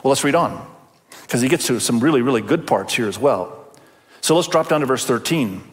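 A man's voice: medium pitch, lively intonation, a little fast. Older male pastor, earnest emphatic sermon delivery, mid-range voice, long reverb of a big church hall. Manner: earnest, emphatic, with rhetorical questions.

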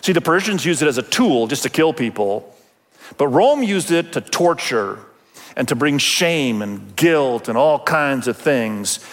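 A man's voice: medium pitch, lively intonation, a little slow, long reverb tail. A man preaching a sermon as pastor, talking conversationally and acting out quoted voices.

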